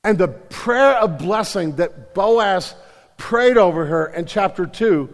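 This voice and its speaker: A man preaching a sermon as a pastor, lively and conversational, with quick asides and frequent restarts. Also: sits high, in a large hall.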